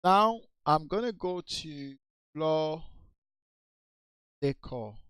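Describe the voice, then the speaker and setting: A man slowly reviewing an account's social media posts, repeating his advice in a coaching way. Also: on the high side, expressive, fairly bright tone, clear, resonant tone, dry recording. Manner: slow, repetitive, coaching. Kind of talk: casual screen-share review.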